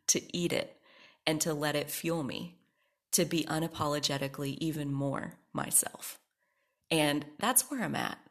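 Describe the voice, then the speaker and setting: Low-voiced woman in a frank solo monologue. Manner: candid, emphatic, swears freely. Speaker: podcast host. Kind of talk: personal monologue.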